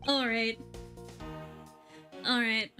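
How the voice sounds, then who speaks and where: Excitable high-voiced woman streamer. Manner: excitable and chatty, swears. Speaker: VTuber streamer. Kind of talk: casual game livestream chat.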